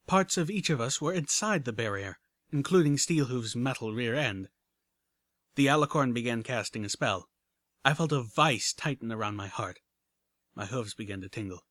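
A man's voice: mid-range voice, animated, normal speed, a bit bright, no echo, clean studio sound. A man reading a first-person action story aloud with dramatic narration. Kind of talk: audiobook reading of fan fiction.

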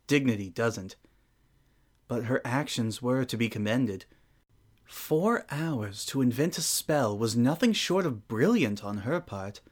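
A man's voice: medium pitch, animated, slow, long pauses. A man voicing a regal, ancient female sun princess in a fan audio drama, with a refined, formal and dryly amused manner. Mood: fond.

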